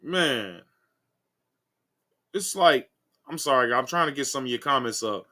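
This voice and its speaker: A man's voice: mid-range voice, animated, a little slow, pushed and bright. A man hosting a casual commentary video, rambling and saying "guys" and "um" often. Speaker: commentary channel host.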